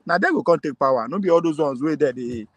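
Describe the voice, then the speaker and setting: A Nigerian man with a high voice chats about politics, lively and laughing, moving between Pidgin and plain English. The sound is dry and close, with no room around it. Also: quick pace, dry recording. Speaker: political commentator. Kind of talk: casual political talk.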